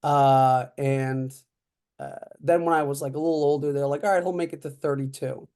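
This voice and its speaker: A man's voice: on the high side, moderate pace, clean tone. A man in his thirties, a podcast guest telling a personal story in a casual way, acting out other people's quoted lines with lots of fillers. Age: 30s. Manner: animated, acts out quoted dialogue; frequent fillers like "uh" and "like".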